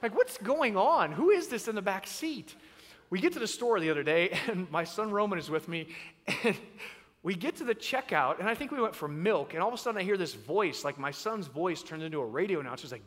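A man's voice: high-pitched, fast, in a large hall. A man preaching a sermon and telling a comic family story, acting out the voices as he goes. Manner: animated, acts out voices. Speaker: pastor.

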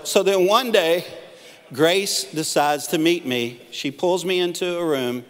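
A middle-aged man preaching a sermon as pastor, telling stories with humor and acting out quoted lines. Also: a little high. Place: church auditorium. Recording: long reverb of a church hall.

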